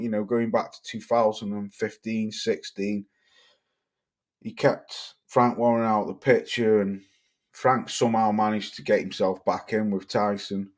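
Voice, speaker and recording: A man's voice: mid-range voice, a little mellow. Male livestream host from Cheshire, blunt, sweary ranting delivery. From Cheshire, England. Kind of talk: livestream rant reading chat comments.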